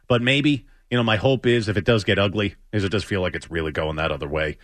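A man hosting sports talk radio, chatting in a lively, wry way and quick to joke. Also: sits low, no room sound. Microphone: studio microphone.

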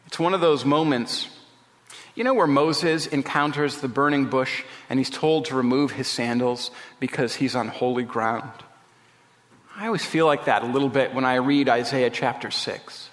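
A man preaching a sermon as a pastor, slow and emphatic with dramatic pauses. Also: mid-range voice, in a large hall. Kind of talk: radio sermon.

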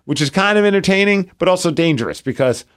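A man's voice: high voice, fast. A man co-hosting a podcast, telling rambling stories in casual chat with lots of filler words. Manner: rambling storyteller, animated, many "like" fillers. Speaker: podcast co-host.

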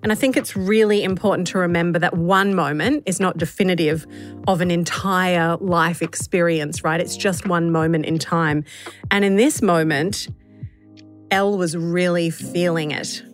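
A woman, introducing a podcast clip in a gentle, reflective, explanatory way. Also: on the low side, steady tone, moderate pace. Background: faint music.

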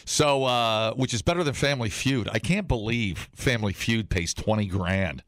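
A man from Wisconsin co-hosting a casual chat, joking and rambling with sudden loud outbursts. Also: fairly low pitch, normal speed, no room sound. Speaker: podcast co-host.

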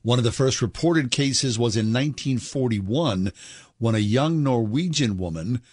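A man co-hosting a talk radio show, relaxed and chatty as he tells odd news stories. His voice sits in a middle pitch. The studio sound is close and dry. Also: measured pace, husky, no echo. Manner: chatty, relaxed storyteller with frequent "mm-hmm". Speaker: radio co-host. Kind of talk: casual radio chat.

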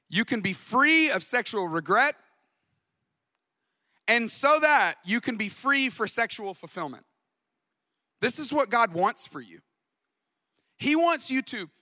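A man in his thirties preaching a sermon as pastor, conversational and jokey with quick asides. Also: sits high, bright, forceful tone, clean studio sound. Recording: long hall reverb.

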